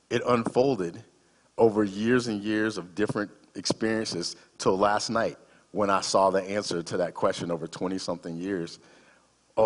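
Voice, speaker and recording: A man's voice: low voice, in a large hall. A man in his fifties, a guest speaker giving a sermon in a conversational, humorous storytelling manner.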